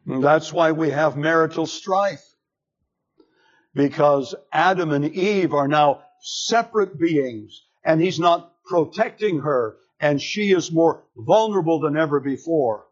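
Male preacher, slightly high voice, deliberate sermon delivery. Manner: slow, emphatic delivery with dramatic pitch swings. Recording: dull lo-fi sermon recording.

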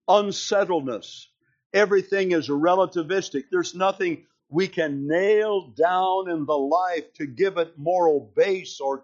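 Slow, deliberate preacher man. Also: on the high side, muffled recording. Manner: slow, deliberate, emphatic reading of scripture. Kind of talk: expository sermon.

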